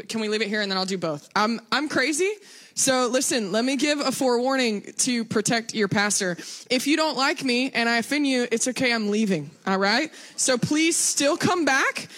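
A woman's voice: a little high, a bit bright. A young woman from Texas with a Southern accent, a guest preacher giving a chatty, self-deprecating sermon full of conversational asides. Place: church sanctuary.

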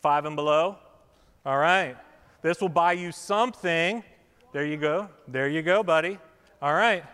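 A man's voice: fairly high pitch, a little slow, fairly bright tone, clear, resonant tone. Man preaching in a reverberant hall. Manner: chatty, playful with kids, then reflective. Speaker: pastor. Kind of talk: sermon with children's object lesson. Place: church sanctuary stage.

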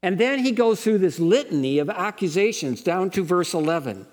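A man with a fairly high voice preaches a sermon at a Bible college. He talks in an earnest, lecturing way and builds to passionate pleading, and his words ring on in a hall with a long reverb. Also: expressive, moderate pace, darkish tone.

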